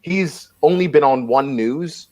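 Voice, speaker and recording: A man's voice: fairly high pitch, measured pace, a little mellow. A man hosting a comedy video chat, presenting segments in an upbeat way. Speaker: show host. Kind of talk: casual chat. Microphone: video call.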